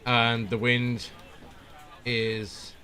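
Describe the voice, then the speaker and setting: A man streaming a flight simulator, casually talking through his preflight setup and often pausing with "uh" as he thinks aloud. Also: medium pitch. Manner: relaxed, thinking aloud with frequent "uh" pauses. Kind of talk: casual live-stream commentary.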